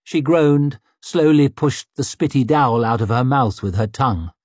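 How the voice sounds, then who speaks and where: Husky male audiobook narrator. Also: medium pitch, normal speed, a little mellow, no echo. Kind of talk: scripted narration.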